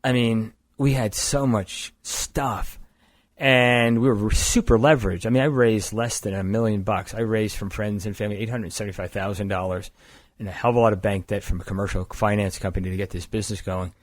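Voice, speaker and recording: A man's voice: lowish voice, a little fast, no echo. An older man, a company founder, telling long stories in an interview, often restarting and correcting himself. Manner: rambling, self-correcting, energetic storyteller. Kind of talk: conversational storytelling interview.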